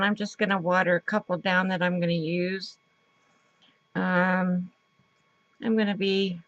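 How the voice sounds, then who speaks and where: A woman's voice: mid-range voice, no room sound. A woman vlogging a casual craft tutorial from her home craft table, chatting in a rambling way with lots of fillers, recorded on the camera mic. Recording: dull lo-fi sound.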